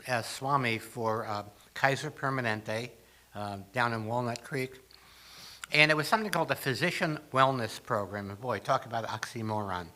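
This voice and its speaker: A man's voice: mid-range voice, sharp tone. An older man speaking as a guest at a spiritual gathering, telling humorous stories with acted asides. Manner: storytelling with jokes and acted asides. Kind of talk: humorous talk to a congregation.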